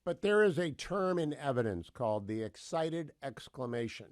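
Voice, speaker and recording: A man in the middle of the male pitch range, hosting a talk radio show. He builds his questions slowly and deliberately, laying out each point before he hands it to his guest. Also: big pitch swings.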